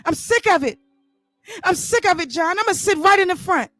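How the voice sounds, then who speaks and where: A man's voice: very high voice, expressive, normal speed, bright, forceful tone, soft background music, voice pushed up, full character voice. A man voicing an outspoken, fed-up young woman in a comic spoken story.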